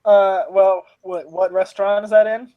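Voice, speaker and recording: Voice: mid-range voice, level tone, moderate pace, highs cut off. A guest in a casual group chat, teasing and cheeky. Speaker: podcast guest.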